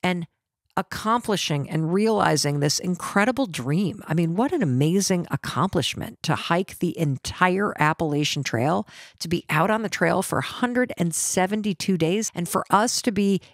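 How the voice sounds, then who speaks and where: Middle-aged woman host, lowish voice, lively storyteller who acts out dialogue, dry sound. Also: normal speed, no room sound. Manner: animated, acts out quoted family dialogue. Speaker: podcast host. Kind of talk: personal storytelling.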